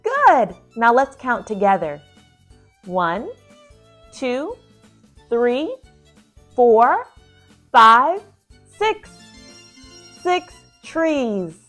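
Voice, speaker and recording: A woman's voice: fairly high pitch, big pitch swings, very slow, pauses often, a bit bright. A woman teaching toddlers, reading a picture book aloud in an enthusiastic, sing-song, encouraging way. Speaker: preschool teacher. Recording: roomy sound, mic at a distance, faint music.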